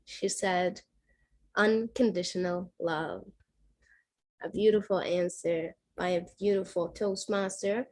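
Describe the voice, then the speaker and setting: A woman hosting a club meeting, introducing speakers slowly and teasing playfully. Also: fairly low pitch, fairly even intonation, a little mellow. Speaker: meeting host.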